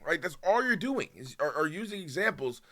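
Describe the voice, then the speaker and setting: A man streaming and reacting to a video in a heated, casual rant, swearing often and swinging between loud outbursts and low muttering. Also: very animated, fairly quick. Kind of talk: casual ranting commentary.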